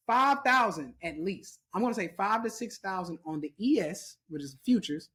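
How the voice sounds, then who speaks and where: A man's voice: high voice, sharp tone, slightly rough. A man teaching trading in a casual chart walkthrough, emphatic and repetitive, drilling his points home.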